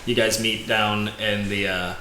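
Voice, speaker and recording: A man with a lowish voice runs a tabletop role-playing session, narrating in loose, halting sentences full of fillers. The recording sounds echoey, with background noise throughout. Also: flat delivery, pushed and bright. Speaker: game master.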